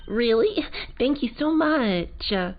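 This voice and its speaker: A man's voice: very high voice, expressive, slow pace, pitched above the performer's own voice, full character voice. A man voicing an eager sixteen-year-old girl scientist in a Valley Girl voice. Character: eager teen girl, aspiring scientific investigator. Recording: muffled, game music behind.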